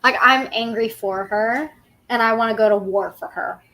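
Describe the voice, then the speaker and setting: A woman hosting a casual livestream chat, talkative and quick to laugh. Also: a little high, a bit bright. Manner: chatty, laughs often. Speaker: livestream host.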